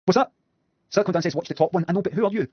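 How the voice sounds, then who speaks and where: Rapid-fire and high-sitting, this Scottish man's voice comes through a muffled recording with no echo. He streams from his computer indoors, reacting to videos with casual, blunt, sweary, sardonic commentary.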